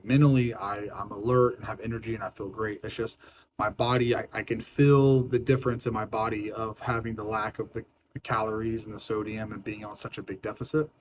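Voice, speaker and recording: A man's voice: fairly low pitch, a little hiss or hum, low-quality recording. Hungry, irritable man venting. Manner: frank, rambling, repeats himself. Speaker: fitness vlogger on a diet. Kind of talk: casual vlog talk to camera.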